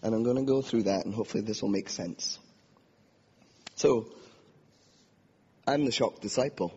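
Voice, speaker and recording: A husky man speaks earnestly from behind a podium and gives a reflective personal testimony. His words carry a long reverb across the hall. The recording sounds dull and lo-fi. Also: on the low side, normal speed, mellow. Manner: earnest and reflective, acts out inner voices. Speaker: preacher.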